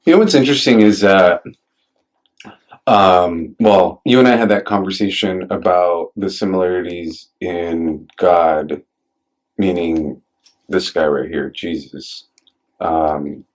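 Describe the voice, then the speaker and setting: A man's voice: low voice, takes it slowly. A man hosting a casual chat, asking curious questions and rambling through his thoughts.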